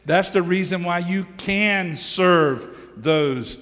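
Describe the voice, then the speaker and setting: A man's voice: high-pitched, slow pace, fairly bright tone. A middle-aged man preaching a sermon as pastor, emphatic, with call-and-response questions to the congregation. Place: church sanctuary. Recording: long hall reverb.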